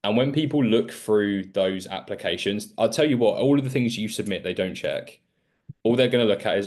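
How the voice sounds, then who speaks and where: Male sales coach, low voice, frank and direct, long-winded explainer. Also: fairly quick, darkish tone. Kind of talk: coaching call advice.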